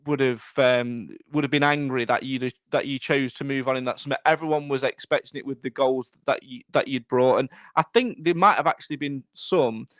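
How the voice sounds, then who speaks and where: A man's voice: mid-range voice, a little fast, hardly any pauses, a bit bright, no room sound. A man hosting a live podcast, talking in a chatty, rambling way with many restarts. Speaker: podcast host.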